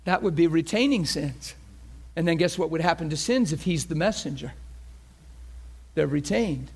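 A man preaching an impassioned sermon who swings from fervent near-shouting to hushed, earnest appeals and acts out crowd voices. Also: a little high, lively intonation, normal speed, breathy edge.

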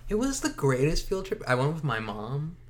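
A man's voice: on the high side, wildly swooping pitch, normal speed. A man co-hosting a casual chat who rambles, jokes and corrects himself as he goes. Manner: rambling, jokey, self-correcting. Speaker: podcast co-host.

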